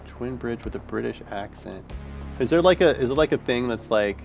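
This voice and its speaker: With a medium-pitched, gravelly voice and lively intonation, the man chats at normal speed while building his map. It's casual thinking aloud, loaded with fillers and swearing, and the recording is muffled with faint music in the background.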